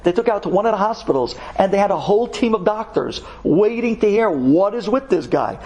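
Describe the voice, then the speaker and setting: A man, a rabbi, telling a dramatic story in an animated, conversational and emphatic way. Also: sits high.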